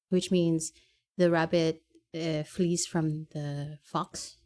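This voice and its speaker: Woman, low-ish voice, hesitant, lots of ums, casual podcast co-host. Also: flat delivery, extremely slow, darkish tone. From Quebec, Canada. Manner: hesitant, many fillers and restarts. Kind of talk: casual chat.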